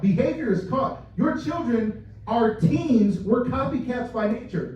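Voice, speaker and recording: High-voiced man giving an echoey motivational talk. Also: expressive, moderate pace, mellow, slight background noise. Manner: storytelling, addresses the audience directly, laughs at own stories. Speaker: company leader giving a culture talk. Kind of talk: motivational talk to a live audience. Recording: distant mic, dull and echoey room sound.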